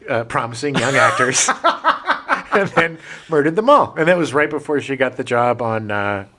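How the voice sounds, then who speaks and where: A man's voice: mid-range voice, sing-song, moderate pace, sharp tone. A middle-aged man co-hosting a podcast, riffing in casual chat. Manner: riffing, mock voices in quotes. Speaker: podcast co-host.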